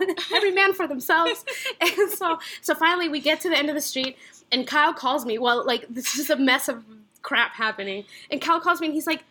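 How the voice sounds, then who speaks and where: A young woman and podcast guest telling a wild story in a casual, animated way, often laughing and saying "like". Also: high voice, brisk. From San Antonio, Texas. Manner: animated, laughing, heavy use of "like".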